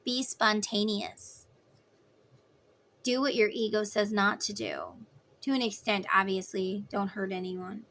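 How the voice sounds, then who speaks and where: A woman's voice: mid-range voice, steady tone, measured pace, vocal fry, a bit bright. A woman giving a casual tarot reading, talking in an emphatic, chatty way. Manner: emphatic, chatty, acts out voices in quotes. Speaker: tarot reader.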